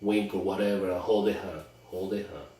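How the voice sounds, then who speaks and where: A man's voice: low voice, steady tone, brisk, warm tone. A man coaching on dating, talking emphatically and often repeating and restarting his words. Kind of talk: instructional monologue. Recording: very echoey room, far from mic.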